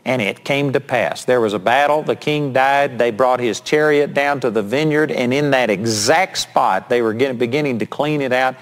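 A man's voice: mid-range voice, normal speed, hardly any pauses. A male preacher retelling a Bible story in a sermon, acting out the quotes as he tells it.

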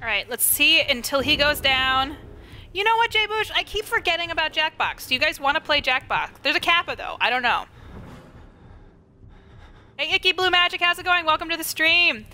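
A woman's voice: high voice, expressive, moderate pace, sharp tone, a little hiss or hum. A young woman streaming a game live, chatting to the game and greeting her viewers. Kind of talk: live gameplay commentary.

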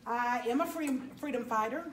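A woman's voice: a little high, normal speed, a little hiss or hum. A woman from Louisiana introducing herself to a group of fellow activists, earnest and talkative. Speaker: activist at a meet and greet. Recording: echoey room, mic far off, crowd behind.

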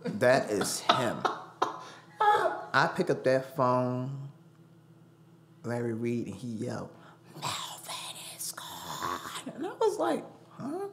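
A man's voice: medium pitch, slow pace, pauses often, noisy background. A man telling a personal story as a studio guest, acting out the voices he quotes. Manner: animated, acts out quoted voices. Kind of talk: storytelling interview.

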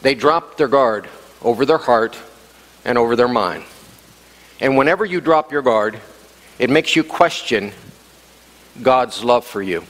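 A man preaching a sermon as pastor, animated and acting out the quoted voices. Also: mid-range voice, unhurried, pauses often. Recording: long hall reverb.

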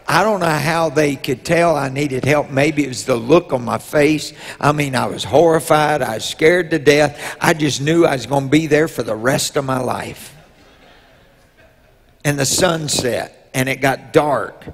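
A man, a bishop preaching a sermon as a personal story, telling it slowly with drawn-out pauses and rising to loud emotional peaks. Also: a little high, creaky. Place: church sanctuary. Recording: long reverb in a church hall.

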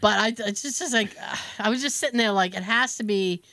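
A woman's voice: medium pitch, a little fast, sharp tone, no echo. An American woman co-hosting a podcast, telling a story in a casual chat and acting out both sides of a phone call. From United States. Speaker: podcast co-host.

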